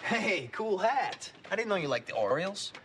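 An eager dorky teen boy, lively up and down voice, some noise behind. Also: high-pitched, moderate pace. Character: earnest, goofy teenage boy.

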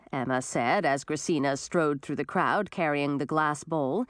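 A woman's voice: a little slow, clean tone, no room sound, clean studio sound. A woman reading a storybook aloud, narrating expressively. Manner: expressive, varied pitch.

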